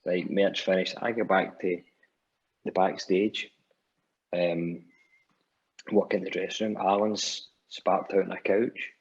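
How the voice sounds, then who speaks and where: A man's voice: deep voice, steady tone, slow, pauses often, slightly rough. A Scottish man, a musician guest, telling stories in casual chat, swearing freely and restarting often. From Scotland. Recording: dull lo-fi podcast audio.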